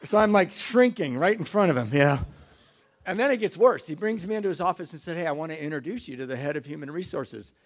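Animated man telling a self-mocking story. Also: on the high side, fast. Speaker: speaker sharing recovery story. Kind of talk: storytelling talk to an audience.

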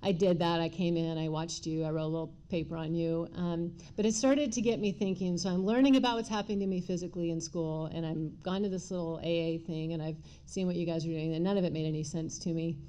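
A middle-aged woman candidly telling her own recovery story, with many pauses and fillers. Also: on the low side, steady tone, dark tone, smooth. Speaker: speaker sharing recovery story. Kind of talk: personal testimony talk.

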